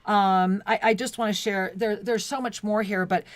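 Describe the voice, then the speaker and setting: A woman co-hosting spiritual talk radio, her voice pitched in a middling range. She speaks in an effusive, devotional way and restarts her sentences often. The sound is dry and close, with no room echo. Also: steady tone, moderate pace. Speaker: co-host. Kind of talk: spiritual talk radio, reading chat messages.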